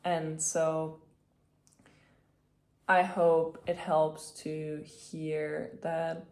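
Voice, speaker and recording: A woman with a slightly low voice chats through a personal story in a relaxed vlog, full of "like" and "um". Her retellings of conversations get lively and animated. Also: extremely slow. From Austria. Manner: chatty, many fillers, animated retelling. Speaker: vlogger.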